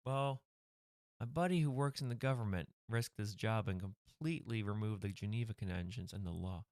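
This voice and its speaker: Dude playing a smug magician, super offhand and nonchalant, smooth clean voice. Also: male voice, fairly low pitch, normal speed, darkish tone, dry recording, clean studio sound, lightly acted.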